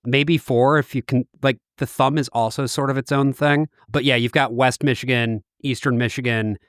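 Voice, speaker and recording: A man's voice: mid-range voice, steady tone, normal speed, a bit bright, smooth, dry recording, clean studio sound. A man co-hosting a podcast in casual chat, curious and explaining things plainly. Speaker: podcast co-host.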